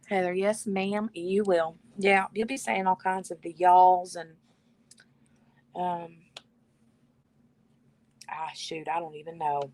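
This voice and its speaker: A woman's voice: fairly low pitch, fairly even intonation, takes it slowly, long pauses, a little mellow. A woman hosting a casual live stream from her bedroom, chatting and reading viewer comments aloud. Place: bedroom at home.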